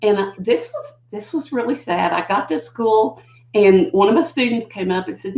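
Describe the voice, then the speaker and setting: An older woman, a guest educator, telling stories conversationally and acting out what people said with big jumps in her voice. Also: moderate pace. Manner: animated, acts out quotes with big pitch jumps. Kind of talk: conversational storytelling. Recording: dull lo-fi audio in a roomy space.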